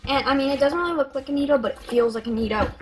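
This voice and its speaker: A female vlogger chatting excitedly through a casual show-and-tell of her toy collection, with giggles and gasps along the way. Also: sits high, racing.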